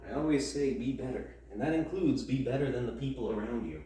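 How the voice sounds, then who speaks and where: A college-aged young man grumbles through rambling, filler-heavy rants while chatting casually during a home workout. He talks fast in a warm, medium-pitched voice, recorded on a distant mic in a roomy space with faint ambience and a slight hiss or hum.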